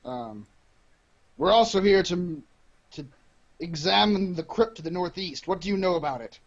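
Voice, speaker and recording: A man playing a tabletop game, talking in character in a deadpan, insistent way. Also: high voice, moderate pace, lo-fi sound. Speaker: player.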